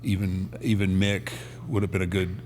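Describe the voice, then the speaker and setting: A man co-hosting a podcast in casual chat, with a slow, drawling delivery. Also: low-pitched, flat delivery, a little mellow, slight background noise. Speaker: podcast co-host.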